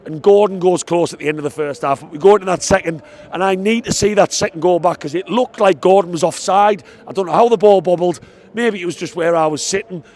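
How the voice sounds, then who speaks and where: A man giving an excitable post-match football fan reaction outside the stadium, stressing his points. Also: high voice, fast talker. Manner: excitable, emphatic, repeats "I tell you what".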